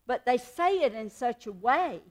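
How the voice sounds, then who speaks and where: A woman's voice: fairly high pitch, expressive, measured pace. A woman giving a devotional teaching in an earnest, conversational way, repeating key points for emphasis. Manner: emphatic repetition. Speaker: Christian speaker.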